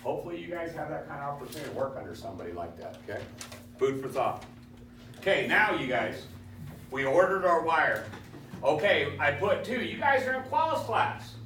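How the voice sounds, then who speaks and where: A man's voice: on the high side, sing-song, brisk, a bit bright. Guy teaching welding class, cocky stories and quiz questions, far off in a roomy classroom. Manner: swaggering storyteller, quizzes students. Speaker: welding instructor. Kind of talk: classroom lecture. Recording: echoey classroom, far from mic, faint hiss.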